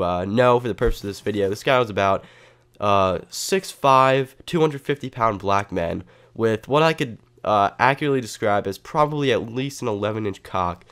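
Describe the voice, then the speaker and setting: A man's voice: on the low side, fairly quick, fairly bright tone, clear, resonant tone. A man telling an improvised comedy story in a rambling, profane way, full of filler words. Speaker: comedy vlogger.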